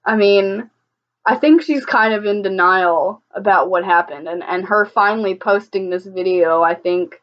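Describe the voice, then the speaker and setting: A woman's voice: mid-range voice, measured pace. Woman ranting in a reaction vid, blunt and sweary, kinda muffled audio. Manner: blunt, heated and profane, with frequent restarts. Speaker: vlogger reacting to a video. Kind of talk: casual reaction commentary.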